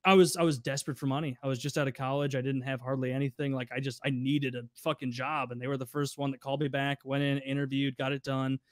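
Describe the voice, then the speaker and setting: A man in his twenties, co-hosting a podcast, tells profane stories from work in casual chat, animatedly acting out angry customers in raised voices. His mid-range voice moves fast with few pauses, in studio-quality sound with no room sound.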